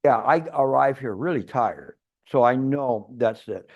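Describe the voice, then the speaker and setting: A man's voice: mid-range voice, measured pace, creaky, highs cut off. A man giving a Chan meditation teacher's retreat dharma talk, rambling and restarting, with playful everyday examples. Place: retreat hall.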